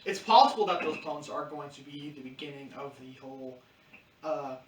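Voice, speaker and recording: A man's voice: a little high, moderate pace. A man co-hosting a podcast, chatting casually with rambling, hedging tangents. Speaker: podcast co-host. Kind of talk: casual discussion chat. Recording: echoey room, distant mic.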